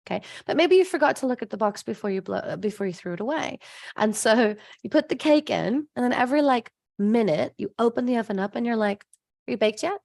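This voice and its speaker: A woman hosts a casual live stream, chatting straight to her viewers and breaking into frequent laughs. Her voice sits a little high with a gravelly, fried edge. The sound is close and dry. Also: lively intonation, fast talker, a little mellow, no room sound. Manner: chatty, laughs often, acts out voices in a story. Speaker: host of a live stream, abundance coach.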